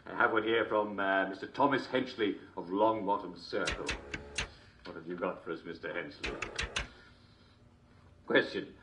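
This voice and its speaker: A man's voice: on the low side, noisy background, natural voice. A man playing a jovial, constantly chuckling TV host, mock-cheerful and smarmy. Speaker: show host. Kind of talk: comedic character monologue.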